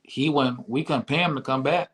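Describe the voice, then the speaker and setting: A man hosting an online interview show, talking at a middle pitch. His manner is easygoing and slangy, and he keeps encouraging his guest as they chat. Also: fairly even intonation, normal speed, fairly bright tone. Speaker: radio show host. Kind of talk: casual interview talk.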